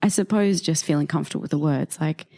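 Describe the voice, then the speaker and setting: Husky Australian woman, mellow and low. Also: fast talker. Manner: thoughtful, rambling with many fillers. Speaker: voice actor guest. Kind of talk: casual interview chat.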